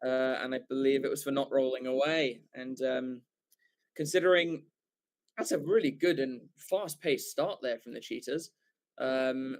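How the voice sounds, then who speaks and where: A medium-pitched man from England provides live play-by-play rugby commentary for a watchalong stream. He's excitable and rambling, his talk packed with fillers and self-corrections.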